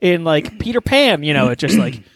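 A man's voice: a little high, big pitch swings, moderate pace, creaky, no echo. A man on a podcast in casual chat, rambling and flustered, swearing often and laughing nervously. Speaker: podcast co-host. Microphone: studio microphone.

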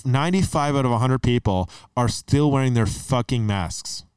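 A man's voice: medium pitch, moderate pace, a little mellow, clear, resonant tone, no room sound. A man from Canada co-hosting a podcast, talking in a profane, heated and emphatic way and saying "dude" and "man" a lot. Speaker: podcast co-host. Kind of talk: casual chat.

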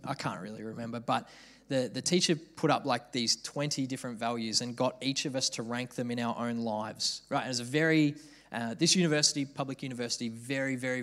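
A young man preaching a sermon, telling a story with lively mimicked voices. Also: mid-range voice.

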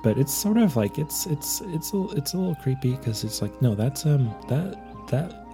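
A man reviewing a movie in a comic, rambling monologue, holding a low, put-on sultry persona voice with many fillers. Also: sing-song, normal speed, over music. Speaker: podcast film reviewer.

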